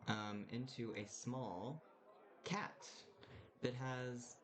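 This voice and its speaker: A man's voice: medium pitch, very slow, fairly bright tone. A man narrating a tabletop game as game master, casually and with many hesitant fillers. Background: music.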